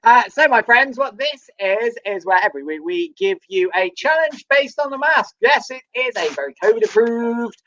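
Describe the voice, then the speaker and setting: A man's voice: extremely high pitch, animated, normal speed, hardly any pauses, fairly bright tone, lo-fi sound. A man hosting a comedy chat show, playfully announcing and running a game. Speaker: host. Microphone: video call.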